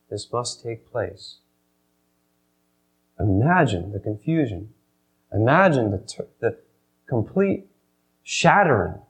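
A man preaching a sermon, retelling a scene dramatically and swinging between loud emphasis and hushed, slow passages. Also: medium pitch, breathy edge, low-quality recording. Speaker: pastor.

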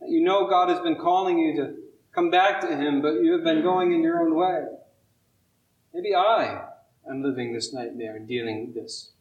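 A man preaching a sermon, earnest and emphatic, reading scripture aloud and slowing down on key words. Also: fairly high pitch, reverberant, muffled recording, a little hiss or hum.

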